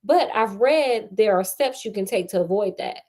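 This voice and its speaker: A woman's voice: mid-range voice, expressive, normal speed, a little mellow, lightly acted. A woman reading the lines of a teenage girl who pushes her boyfriend for affection, pleading and then hurt.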